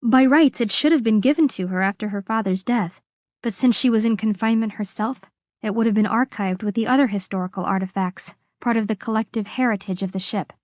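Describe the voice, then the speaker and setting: Expressive woman narrating an audiobook. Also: medium pitch, dry recording, studio quality. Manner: measured, expressive reading.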